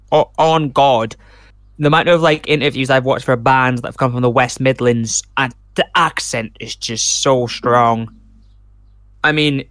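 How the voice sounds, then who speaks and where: Reading case details aloud and wandering off into chatty remarks, this man hosts a laid-back true crime podcast. His pitch is fairly high and his tone fairly bright, captured in a dry, studio-quality recording.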